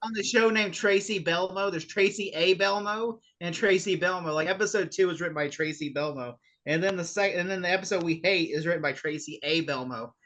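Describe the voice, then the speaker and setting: A man's voice: high-pitched, fairly quick, few pauses, a bit bright. A man co-hosting a casual podcast, ranting heatedly and swearing a lot. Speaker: podcast co-host. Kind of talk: casual chat.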